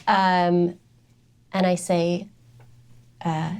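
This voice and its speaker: Woman tabletop player, lower voice, casual, hesitant. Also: steady tone, slow.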